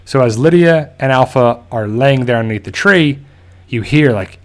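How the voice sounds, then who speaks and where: A man's voice: medium pitch, lively intonation, moderate pace. A man hosting a show, recapping episodes in a loose, casual way full of fillers. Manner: loose, filler-heavy storytelling. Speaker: show host.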